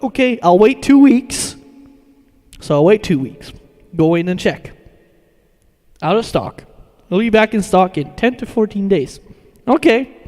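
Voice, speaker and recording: A man's voice: high-pitched, big-room sound. A man streaming, chatting casually about metal music in a rambling, profane way, often laughing.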